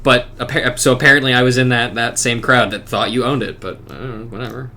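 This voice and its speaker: A man's voice: medium pitch, fairly even intonation, quick pace, bright, forceful tone. A young man hosting a game playthrough, chatty and casually swearing. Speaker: let's-play host. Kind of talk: casual gaming chat.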